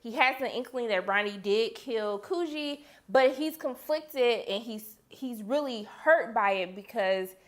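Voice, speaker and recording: A young woman reviewing a TV episode in a casual vlog, animated and talking straight to her viewers. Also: a little slow, few pauses. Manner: quotes characters with sudden high-pitched outbursts.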